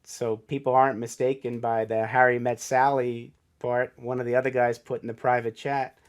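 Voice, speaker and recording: A middle-aged man speaks as a podcast guest in an earnest, heartfelt way. He acts out the people in his story as he goes. His voice sits at an ordinary pitch, neither high nor low. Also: level tone, normal speed. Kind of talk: casual storytelling interview.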